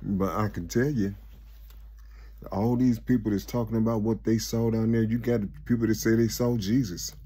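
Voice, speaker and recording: A man's voice: on the low side, flat delivery, moderate pace, warm tone, slightly rough. A man giving a casual spiritual monologue, rambling and preachy, often repeating himself and building to raised exclamations. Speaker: host.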